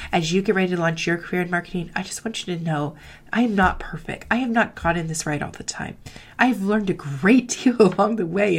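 A middle-aged woman who coaches marketing students, speaking candidly in a heartfelt motivational talk, with a lot of "like" in her speech. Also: mid-range voice. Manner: candid, confessional, frequent "like", acts out quoted voices.

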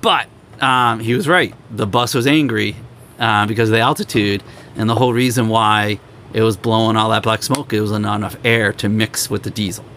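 A young man hosting a podcast, telling road stories in a casual, animated way and acting out other people's lines. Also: moderate pace, a little hiss or hum. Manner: animated storyteller, acts out quoted people in higher voices. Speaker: podcast host. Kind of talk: casual storytelling chat.

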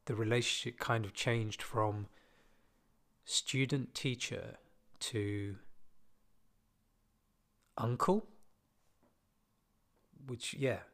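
A man recounts a memory in a relaxed, conversational monologue. His pitch sits in an ordinary middle range, and he drops in wry, self-deprecating asides as he talks. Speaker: podcaster telling a personal story. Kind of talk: casual storytelling monologue.

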